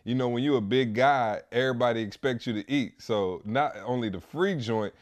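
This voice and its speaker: A man hosts a podcast in easygoing conversation. He tells stories in a loose, slangy way at a medium pitch. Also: moderate pace. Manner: laid-back storytelling with slang. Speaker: podcast host. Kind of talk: casual chat.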